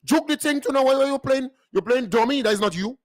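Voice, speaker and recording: A man's voice: very high voice, fast, no echo, clean studio sound. A man with a Grenadian accent hosting a show, delivering a mocking political rant full of emphatic repetition.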